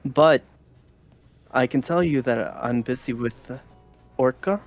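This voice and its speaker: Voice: medium pitch, slow pace, soft background music. A player voicing a shy, polite young man who hesitates and stumbles over his words. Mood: flustered.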